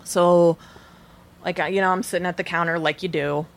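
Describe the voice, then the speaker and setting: A woman's voice: on the low side, normal speed, creaky. Blunt, foul-mouthed young woman storyteller. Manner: profane, blunt, animated storyteller. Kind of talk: casual storytelling chat.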